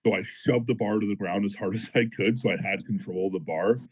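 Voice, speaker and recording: A man telling a story in a casual podcast chat, animated and profane, as a powerlifter guest. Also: on the low side, a little fast, breathy edge, muffled recording. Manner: animated, profane, fired-up retelling.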